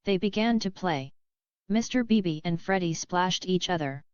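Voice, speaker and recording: A woman reading a classic novel aloud as scripted narration, in a measured way. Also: fairly low pitch, lively intonation, smooth, dry recording, highs cut off. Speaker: audiobook reader.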